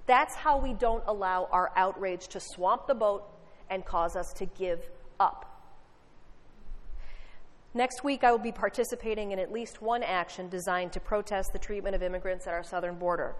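A woman's voice: medium pitch, normal speed. A woman pastor preaching a sermon, telling a story with wry, conversational asides. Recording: reverberant hall.

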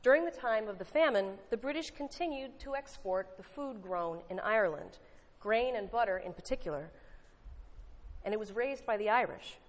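Brief: woman, lay preacher, conversational and earnest, mid-pitched voice, long hall reverb. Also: animated, moderate pace. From United States. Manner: conversational, earnest, wry asides. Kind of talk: sermon with storytelling.

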